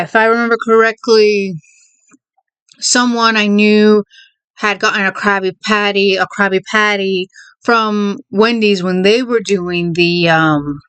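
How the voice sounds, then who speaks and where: Woman vlogger, kinda out of breath, rambly with a little stutter, smooth clear voice, dry sound. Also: medium pitch, a bit bright, dry recording. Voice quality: mild stutter. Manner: rambling, self-correcting, laughs often. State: out of breath, holding in a sneeze. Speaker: video creator. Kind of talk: casual vlog chat.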